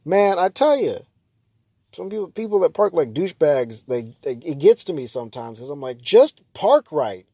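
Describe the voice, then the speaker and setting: A young man rants in a loose, casual way, piling on fillers and restarts. He keeps sliding into loud, mocking shouts before dropping back to a grumble. His voice sits a little high, and the recording is close and dry. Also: lively intonation, normal speed, husky, no room sound. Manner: ranting, exasperated, jumps to loud mock shouts. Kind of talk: casual rant to camera.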